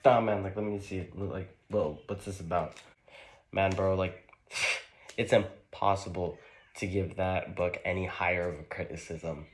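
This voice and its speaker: Using a low, steady voice, a man plays two young college bros in a joking skit. Their laid-back banter is full of drawn-out "bro" and "man" slang.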